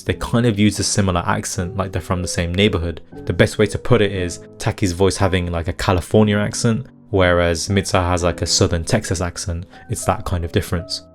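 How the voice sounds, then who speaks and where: A man with a low, deep voice narrates a scripted video essay and lays out his analysis point by point. He sounds critical and opinionated, and soft guitar music plays faintly behind him. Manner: analytical, critiquing translation choices.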